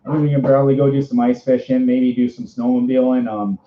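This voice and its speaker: A man in his twenties with a Minnesota accent, hosting a casual livestream interview. He talks from inside a costume suit, rambling, bubbly and quick to laugh. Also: medium pitch, steady tone. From Minnesota, USA. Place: indoors, speaking from inside a fursuit. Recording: roomy, dull lo-fi stream audio.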